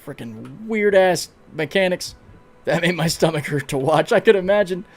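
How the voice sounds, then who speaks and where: A man livestreaming a video game, giving excitable, casual commentary, swearing freely and talking to his chat. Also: fairly high pitch, normal speed, gravelly, soft background music. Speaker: gaming livestreamer.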